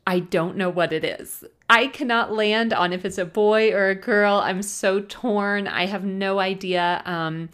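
A woman's voice: medium pitch, steady tone, a little slow, hardly any pauses, a bit bright, clear, resonant tone. A young woman hosting her own podcast, chatting casually and gushing with emotion, close to tears. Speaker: podcast host. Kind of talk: casual solo podcast chat.

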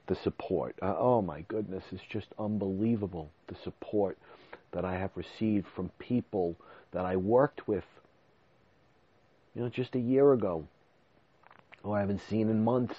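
Deep-voiced emotional man podcasting. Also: unhurried, long pauses, husky, highs cut off. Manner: emotional, repeats words and restarts. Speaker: podcast host. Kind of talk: casual monologue. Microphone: desk microphone.

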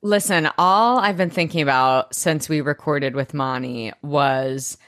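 Animated woman podcast co-host, low voice. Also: a little slow, no echo, studio quality. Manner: animated, swears freely, acts out quotes. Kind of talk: casual chat recapping a TV episode.

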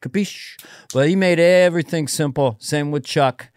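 A man's voice: fairly high pitch, moderate pace, darkish tone, smooth. A middle-aged man, a comedian guest in casual podcast chat, musing and giving advice in a wandering way.

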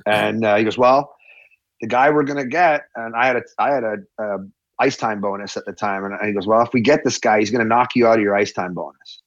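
A former hockey player telling a story in a casual chat, acting out the quotes with a raised voice. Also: male voice, fairly low pitch, a little fast, no echo, lo-fi sound. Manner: animated, acts out quotes with a raised voice.

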